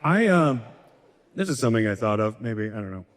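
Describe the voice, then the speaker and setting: A man performing a stand-up comedy set, self-deprecating, often jumping up in pitch to play the people in his stories. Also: big pitch swings, brisk. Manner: self-deprecating, jumps into high-pitched voices for quoted people. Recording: echoey hall reverb.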